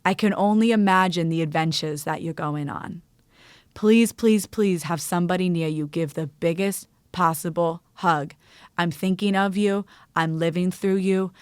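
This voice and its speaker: A woman's voice: fairly low pitch, moderate pace, smooth, no room sound, studio quality, natural voice. A woman voicing her elderly grandmother as a tender, doting voice in a voicemail.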